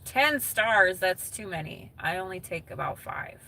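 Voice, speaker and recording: Bright, giggly woman live streamer. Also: on the low side, lively intonation, unhurried, gravelly, slight background noise. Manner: giggly, chatty, reads comments aloud. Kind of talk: casual live stream chat with viewers.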